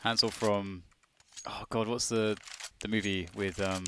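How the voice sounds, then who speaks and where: A man's voice: on the low side, flat delivery, unhurried, bright, forceful tone, a little hiss or hum. A man casting a live esports match, chatty and analytical with his co-caster.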